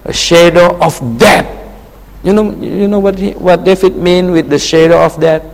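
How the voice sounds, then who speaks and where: A man's voice: high voice, level tone, moderate pace, creaky. A man with an Indonesian accent preaching a sermon, emphatic and repeating his phrases. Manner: emphatic, repeats phrases, non-native grammar. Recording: long reverb hall.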